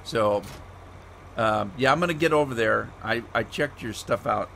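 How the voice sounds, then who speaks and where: A man's voice: mid-range voice, moderate pace, creaky, pushed and bright, slight background noise. Chatty middle-aged American man streaming. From United States. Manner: rambling, chatty, talks to viewers by name. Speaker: live streamer. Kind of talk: casual chat while playing a farming game.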